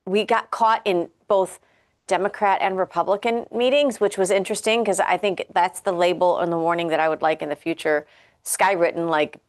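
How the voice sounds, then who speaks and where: A chatty woman co-host with a slightly low voice talks loosely and laughs easily. She leads the conversation in a relaxed, informal way. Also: moderate pace. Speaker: podcast co-host. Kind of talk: casual political chat.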